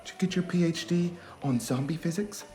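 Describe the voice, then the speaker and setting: An actor playing a grumpy, nervous, defeatist husband in a horror comedy film, with sarcastic, whiny remarks. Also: male voice, a little high, fairly quick, warm tone, soft background music, lightly acted.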